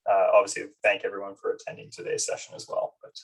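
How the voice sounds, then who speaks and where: A man hosts a webinar panel over a video call, easygoing and polite. His low voice stays level with little rise and fall. He sounds set back from the microphone. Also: fast, gravelly, recorded from a distance, poor audio. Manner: easygoing, steady, wraps up politely. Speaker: panel moderator. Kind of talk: hosting a webinar.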